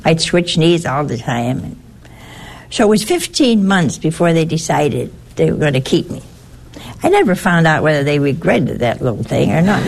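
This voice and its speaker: Gravelly older woman recalling her past. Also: deep voice. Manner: halting, repeats words, chatty asides like "see" and "you know". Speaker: nun. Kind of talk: personal storytelling.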